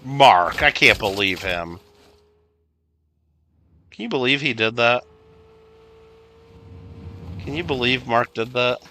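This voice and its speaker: A man's voice: medium pitch, takes it slowly, long pauses, pushed and bright, slight background noise. A man from Illinois chatting casually while streaming a video game, playfully scolding his teammates. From Illinois, USA. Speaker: livestreamer. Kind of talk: casual gameplay chat.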